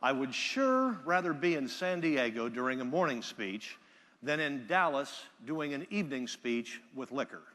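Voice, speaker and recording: A man giving a live keynote speech from a conference stage, telling stories with energy and loud bursts when he quotes people. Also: fairly high pitch, very animated, moderate pace, in a large hall. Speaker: keynote speaker. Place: large conference hall.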